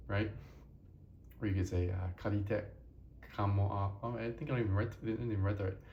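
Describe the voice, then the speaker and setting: A man's voice: on the low side, fairly even intonation, a little fast, roomy sound, highs cut off, a little hiss or hum. A tired young man teaching a casual language lesson, rambling and correcting himself as he goes.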